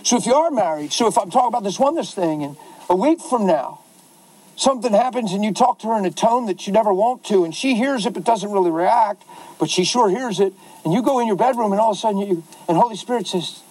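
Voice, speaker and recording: A man's voice: sits high, fast talker, darkish tone, a little hiss or hum, rough recording. A man pastor answering questions in a passionate, emotional preaching style.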